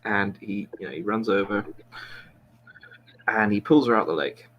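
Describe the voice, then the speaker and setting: A podcast host with a fairly low voice, speaking at a normal pace with the highs cut off, rambles through a long joke among friends. He keeps restarting and pokes fun at himself along the way.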